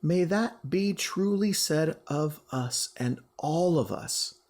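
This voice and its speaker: Teacher guy reading a story out loud, slow, raspy, really animated. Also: a little high. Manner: expressive, emphatic storytelling. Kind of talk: storybook read-aloud.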